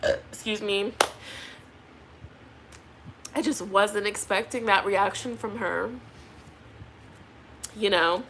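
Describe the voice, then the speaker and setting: A woman's voice: medium pitch, steady tone, slow pace, pauses often, fairly bright tone, slight background noise. A pregnant young woman doing a tarot reading, chatting casually with viewers and laughing often. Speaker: tarot reader.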